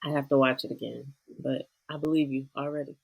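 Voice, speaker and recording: A woman's voice: a bass voice, fairly even intonation, fairly quick, gravelly, breathy edge, narrow, tinny audio. A woman from Georgia co-hosting a podcast, chatting casually and retelling scenes by quoting the characters. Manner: storytelling, quoting characters in voices. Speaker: podcast co-host. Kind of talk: casual chat.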